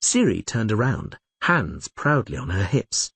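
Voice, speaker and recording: A man's voice: on the low side, big pitch swings, unhurried, vocal fry, a bit bright, slightly rough, no echo. A man narrating a fantasy audiobook, reading expressively and voicing all the characters himself.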